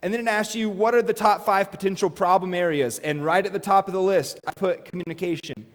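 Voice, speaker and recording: Man, 30s, preacher, conversational sermon, fairly high voice, long church reverb. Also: a little fast. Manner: conversational, emphatic, with fillers. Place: church sanctuary.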